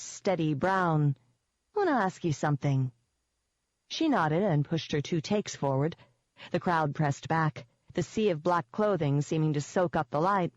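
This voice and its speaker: A woman reading first-person fiction aloud as an audiobook narrator, with an even, wry storytelling manner. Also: deep voice, no room sound. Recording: dull dry lo-fi audio.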